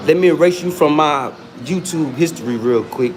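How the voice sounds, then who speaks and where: A man's voice: fairly high pitch, normal speed, a crowd in the background. A man with hosting a livestream, taunting and arguing with users in his chat in a casual, combative way. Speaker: livestream host.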